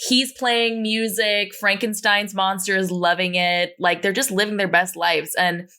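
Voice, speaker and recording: A young woman co-hosting a podcast in casual chat, playful and quick to put on silly voices for quotes. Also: medium pitch, steady tone, sharp tone. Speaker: podcast co-host.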